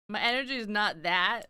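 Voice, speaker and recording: A woman streamer rambles casually to her chat while she draws. Her voice is bright and crisp. She swears freely and breaks into laughter often. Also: mid-range voice, dry recording, studio quality.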